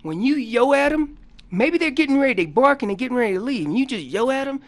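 A man on a radio show explaining elk calls in a folksy, animated way, acting out what the animals are saying. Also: very high voice, quick pace. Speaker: elk calling guest expert. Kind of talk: casual radio interview explanation. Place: radio studio.

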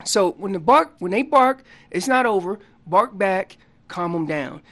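A man on a radio show explaining elk calls in a folksy, animated way, acting out what the animals are saying. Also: high voice, measured pace. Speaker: elk calling guest expert. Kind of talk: casual radio interview explanation. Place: radio studio.

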